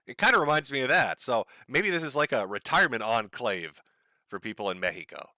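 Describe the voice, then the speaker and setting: A man's voice: mid-range voice, lively intonation, brisk, pushed and bright, a little hiss or hum. A man from the United States hosting a casual livestream, talking in a profane, sardonic way and chuckling often. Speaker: livestream host.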